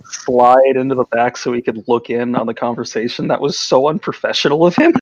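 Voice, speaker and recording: A man's voice: mid-range voice, a little fast, no echo. Wry man on dull lo-fi call audio. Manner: wry, teasing remarks. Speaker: watch-along participant. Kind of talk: casual chat over a voice call.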